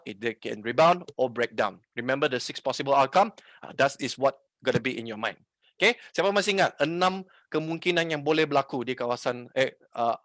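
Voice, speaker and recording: A man's voice: medium pitch, fairly bright tone, no echo. A man with a Malaysian English accent teaching a live online trading lesson, mixing in Malay and often checking in with his viewers. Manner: code-switching, asks the audience questions often. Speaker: trading instructor.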